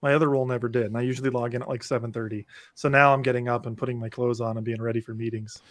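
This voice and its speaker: A man's voice: medium pitch, very fast, no echo. A man co-hosting a podcast from home, chatting casually and rambling with lots of restarts. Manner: rambling, animated, many restarts. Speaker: podcast co-host. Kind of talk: casual chat. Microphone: remote home setup.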